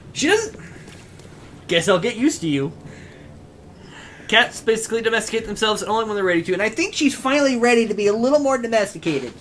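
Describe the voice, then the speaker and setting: A man's voice: high-pitched, quick pace, a bit bright, a little hiss or hum. A man streaming a video game in casual, rambling commentary, chatting to his cat between moves. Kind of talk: casual let's-play commentary.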